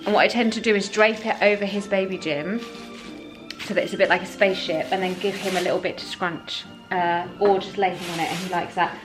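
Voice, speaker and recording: A young woman, chatting casually to camera in a vlog about family life, laughing often and talking softly to her son. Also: mid-range voice, steady tone, fairly quick, over music. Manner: chatty and self-deprecating, often laughing, with soft baby talk to her son. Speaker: vlogger. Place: home and outdoors in town.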